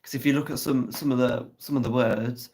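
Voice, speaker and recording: A man's voice: medium pitch, fairly even intonation, a little fast, creaky, darkish tone, slight background noise, poor audio. Chatty man hosting a live stream. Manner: swears casually, chatty and teasing. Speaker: livestream host. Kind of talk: casual live chat reading comments.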